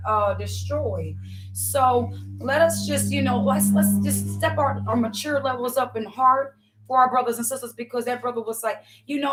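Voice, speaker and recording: A woman's voice: a little high, a bit bright. A woman giving a fervent testimony sermon, preaching to her listeners and often calling them y'all.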